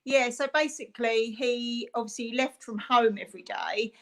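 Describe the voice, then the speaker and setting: A woman's voice: on the high side, normal speed, fairly bright tone, low-quality recording. Chatty mother on a video call. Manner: chatty, rambling, many fillers. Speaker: parent of a fundraiser. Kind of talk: casual chat on a video call.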